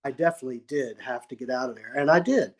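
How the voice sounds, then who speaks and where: A man's voice: mid-range voice, quick pace. A man, a musician, telling a long story in an interview, acting out quotes and often restarting his sentences. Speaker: musician guest.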